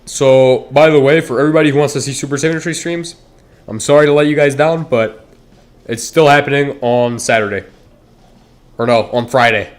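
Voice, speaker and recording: A man's voice: mid-range voice, steady tone, normal speed. A man chatting casually to his viewers while streaming a game, rambling and cutting himself off mid-sentence. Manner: rambling, self-interrupting, talks straight to chat.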